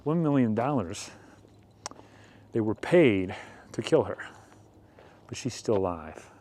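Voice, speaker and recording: A man hosting a rambling commentary show, speaking with mocking deadpan sarcasm. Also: on the low side, slow pace. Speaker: commentary host.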